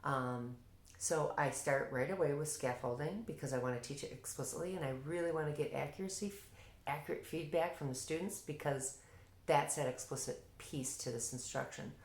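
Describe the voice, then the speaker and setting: A woman reading teacher explaining her teaching method, demonstrating classroom prompts in a lively voice. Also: deep voice, moderate pace. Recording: echoey room.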